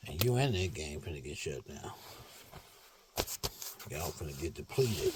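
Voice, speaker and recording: A man giving a preachy monologue to his followers, animated and full of slang, swinging from shouts to low mutters. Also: normal speed, long pauses, slight background noise. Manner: streetwise slang with cursing. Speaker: online speaker addressing followers.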